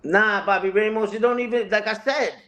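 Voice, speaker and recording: This online content creator's voice sits high, with fairly even intonation, a fairly quick pace, and a sharp tone. Appearing as an interview guest answering a live chat, he speaks heatedly and unscripted, profane and confrontational, repeating phrases for emphasis.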